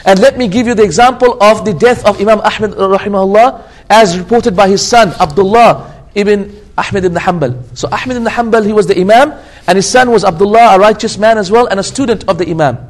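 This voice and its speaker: A man delivering a religious lecture in English, stressing points by repeating phrases and swearing by God, with Arabic religious terms woven into his speech. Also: high voice. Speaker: Islamic lecturer.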